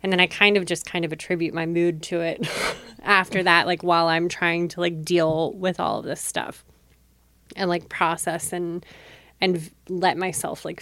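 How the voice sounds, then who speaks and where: A woman in her thirties talks through a personal story on a podcast, her voice sitting on the low side. She rambles casually, leaning on "like" and breaking into laughs often. The sound is dry and close, with no room around it. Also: a bit bright, no echo. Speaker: podcast host. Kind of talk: casual chat.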